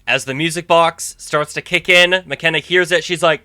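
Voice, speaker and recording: A man's voice: on the high side, fairly even intonation, moderate pace, sharp tone, smooth. A man hosting a YouTube video, chatting enthusiastically through a trailer breakdown and thinking aloud as he goes. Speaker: YouTube host. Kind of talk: excited trailer breakdown commentary.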